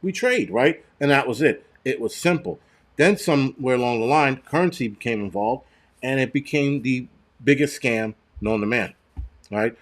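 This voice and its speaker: A man's voice: mid-range voice, normal speed. A man hosting a casual livestream, ranting bluntly with lots of swearing and rambling restarts. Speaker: host.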